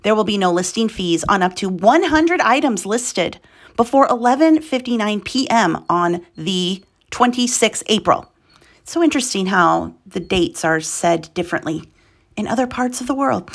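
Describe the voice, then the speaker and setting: This is an American woman at a middle pitch, reading marketplace news aloud to her viewers. She keeps breaking from the text with wry, chatty remarks and laughs off her own tongue slips. The sound is a close desk mic. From United States. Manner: chatty, wry asides, stumbles over words and laughs at herself. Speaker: reseller and channel host.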